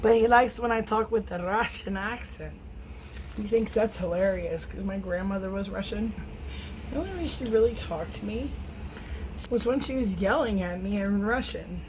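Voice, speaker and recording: A woman's voice: medium pitch, normal speed, darkish tone, slight background noise, poor audio. A middle-aged woman, an acrylic pour artist, chatting casually and rambling while she paints in her home studio. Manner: chatty, rambling, self-teasing.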